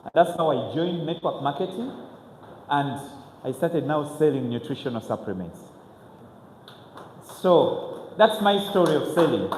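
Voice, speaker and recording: A man, telling his own story to an audience as a motivational speaker, earnest and halting, with frequent restarts. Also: a little high, a little mellow, slight background noise. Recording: echoey hall with faint ambience.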